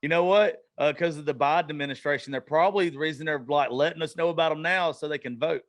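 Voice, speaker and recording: A man hosting a podcast who chats casually in an excitable, profane way, throwing in quick asides. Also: fairly high pitch. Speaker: podcast host. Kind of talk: casual chat.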